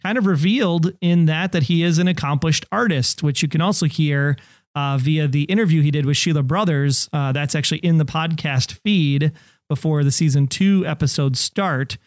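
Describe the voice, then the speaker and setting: A man's voice: fairly high pitch, moderate pace, no room sound, studio quality. A man co-hosting a podcast in casual chat. He is talkative and laughs easily. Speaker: podcast co-host.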